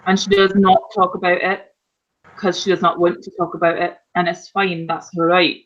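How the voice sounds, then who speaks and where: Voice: medium pitch, little pitch movement, normal speed, fairly bright tone, lo-fi sound. A player narrating their character's actions in a casual tabletop role-playing session over an online call, rambling with fillers.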